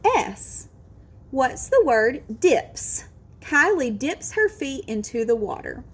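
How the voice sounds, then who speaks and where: A woman teaching a phonics lesson to children, slowly modelling each word sound and encouraging the listener. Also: high-pitched, sing-song, a bit bright, slightly rough.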